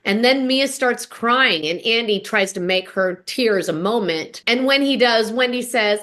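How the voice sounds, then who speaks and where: An animated young woman hosts a podcast with a slightly high voice. She recaps in a casual, chatty monologue and punches up quoted lines with dramatic emphasis. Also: measured pace, hardly any pauses. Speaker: podcast host.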